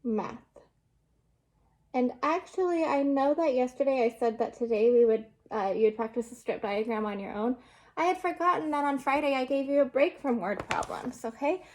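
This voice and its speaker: A young woman teacher talks kids through a home lesson, her voice sitting a touch high. She is patient and unhurried. She breaks words into single sounds and checks in with a quick "okay?" again and again. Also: a little mellow. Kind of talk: remote classroom lesson.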